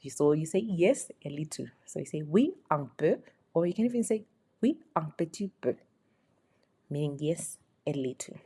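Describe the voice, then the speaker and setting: A woman's voice: deep voice, lively intonation, moderate pace, dark tone, breathy edge. A woman teaching phrases in a beginner lesson, explaining patiently and repeating each example. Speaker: French teacher.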